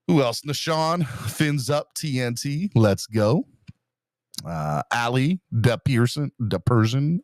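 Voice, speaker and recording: Upbeat male podcast host, deep voice with lots of swing, reading out chat names. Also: darkish tone, dry recording, studio quality. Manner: upbeat, greets chat viewers by name. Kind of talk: casual live-stream chat.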